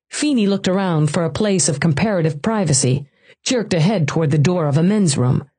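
A woman narrating an audiobook scene in an expressive way. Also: fairly low pitch, a little fast, breathy edge.

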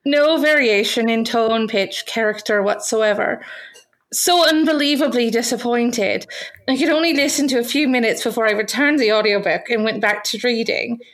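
A woman reading out a disappointed book review in a put-on Irish accent, measured and deliberate. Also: fairly high pitch, lightly acted. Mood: complaining.

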